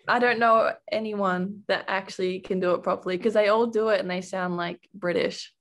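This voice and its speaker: A young woman with an Australian accent chats loosely in an interview, her voice sitting at an ordinary middle pitch. She laughs easily and strings her thoughts together with "like". She sounds relaxed and unguarded. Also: normal speed. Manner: chatty, laughs often, says "like" a lot. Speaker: college basketball guard. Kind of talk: casual interview chat.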